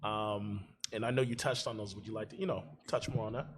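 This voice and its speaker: A man's voice: on the low side, steady tone, fairly quick, noisy background. A man hosting a casual radio discussion, asking questions and steering the talk. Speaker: host.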